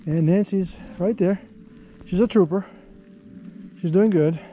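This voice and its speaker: Mellow-voiced man narrating his hike. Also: sits high, highs cut off, slight background noise. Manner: easygoing, chatty, thinks aloud with pauses. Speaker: travel vlogger. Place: outdoor canyon hiking trail.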